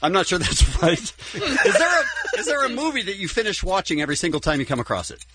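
A man co-hosting a talk show, firing quick teasing questions. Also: sits high, big pitch swings, bright, forceful tone. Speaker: co-host. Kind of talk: rapid-fire interview questions.

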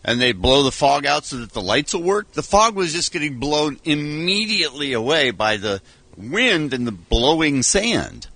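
A man's voice: a little high, very animated, moderate pace, pushed and bright, dry recording. A man telling long, wry, rambling stories in a casual radio chat from a studio. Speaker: radio show regular.

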